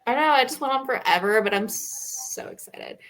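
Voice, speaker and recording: A woman in her thirties telling stories on a casual podcast, with a fairly high voice. She talks in a lively, animated way, swears freely and slips into voices for her children. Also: normal speed. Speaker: podcast co-host. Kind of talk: casual chat.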